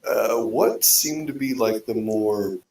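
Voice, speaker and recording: A man playing a tabletop game, talking in a halting, casual way. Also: fairly low pitch, gravelly, darkish tone. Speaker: player. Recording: distant echoey mic.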